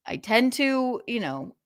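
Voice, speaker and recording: A woman hosting a livestream rants sarcastically and profanely, laughing between her jabs. Her voice is a little high, captured in clean studio sound with no echo.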